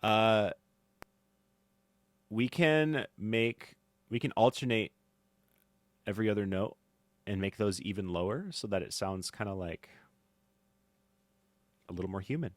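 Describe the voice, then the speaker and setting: A man teaching drum mixing in a casual tutorial, thinking aloud with fillers and swinging in loudness. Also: lowish voice, lively intonation, a little slow, long pauses, no echo. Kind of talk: casual screen-recorded tutorial. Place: home studio. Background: faint music from drum playback.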